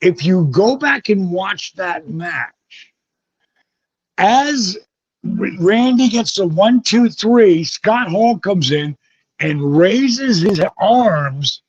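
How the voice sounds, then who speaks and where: Speaking very slowly but still animated, the former wrestler swears his way through vivid interview stories, imitating the people he quotes in his high, husky voice. The recording is close and dull, lo-fi and without echo.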